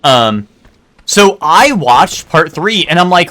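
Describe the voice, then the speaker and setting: Young male streamer with a bright, forward voice, loose rambling chat, lots of fillers and casual cursing. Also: fairly high pitch, animated, normal speed, no room sound. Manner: rambling, many "like" fillers and restarts; swears casually. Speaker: game streamer.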